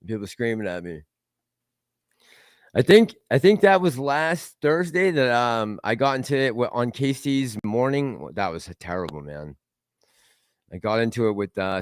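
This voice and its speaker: A man's voice: on the low side, moderate pace, smooth, no room sound, clean studio sound. A man hosting a casual livestream, rambling and laughing as he reads out and answers chat messages. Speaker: livestream host reading chat.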